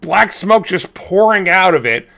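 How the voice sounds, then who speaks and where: A man's voice: a little slow, vocal fry, a crowd in the background. A man in his forties co-hosting a podcast, retelling a movie in crude casual chat, swearing constantly and acting out characters. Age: 40s. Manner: profane, animated, acts out characters in high squeaky voices. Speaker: podcast co-host.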